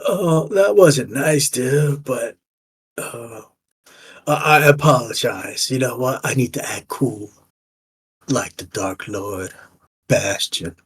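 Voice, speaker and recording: A man's voice: medium pitch, slow pace, long pauses, slightly rough. Man doing a gushing starstruck fanboy. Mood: apologetic. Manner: gushing, rambling, stammering. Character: excitable starstruck male fanboy NPC.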